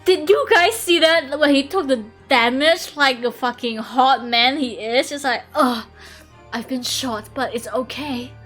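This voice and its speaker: A young woman streamer chatting casually over a game, excitable and gushing, swearing freely. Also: high-pitched, a little slow. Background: faint game music.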